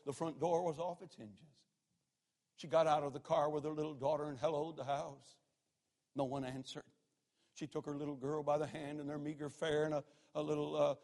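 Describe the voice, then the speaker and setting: A man, preaching a sermon and telling stories dramatically, dropping to a hush and then rising to a shout. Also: fairly high pitch, steady tone, brisk, gravelly. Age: 60s. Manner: dramatic, swings from hushed to shouting. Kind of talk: sermon with storytelling.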